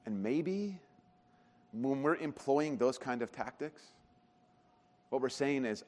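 A man preaching a sermon as pastor, talking conversationally and animatedly, often dropping to quiet emphasis. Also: mid-range voice, animated, slow pace, pauses often, in a large hall.

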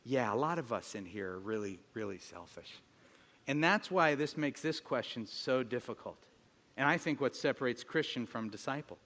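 A middle-aged man preaching a sermon as pastor, telling stories with animated, self-mocking humor. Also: mid-range voice, moderate pace. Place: church hall. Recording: long hall reverb.

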